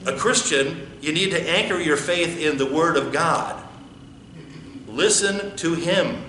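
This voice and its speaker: A man's voice: fairly high pitch, normal speed, pushed and bright, a little hiss or hum. A man with an American accent, a pastor preaching a conversational sermon and asking his congregation questions. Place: church sanctuary. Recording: echoey church with faint ambience.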